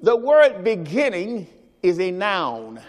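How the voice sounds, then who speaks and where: Lively high-pitched preaching man, hall reverb. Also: takes it slowly. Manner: call-and-response preaching, has the congregation repeat phrases. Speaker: pastor. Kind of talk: sermon. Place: church service.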